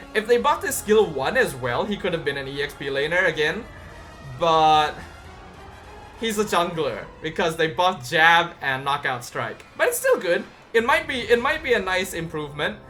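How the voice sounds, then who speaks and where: Hyped-up gamer going thru patch notes, voice jumps all over, faint music behind. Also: medium pitch. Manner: excitable, squeals with delight. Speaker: gaming video creator. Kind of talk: casual patch-notes commentary.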